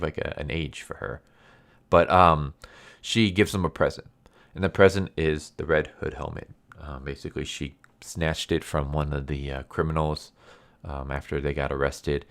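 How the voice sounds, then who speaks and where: A man's voice: low-pitched, a bit bright, clear, resonant tone. A man casually recapping a comic story, rambling with lots of fillers and restarts and adding wry, sarcastic asides. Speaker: comic book reviewer.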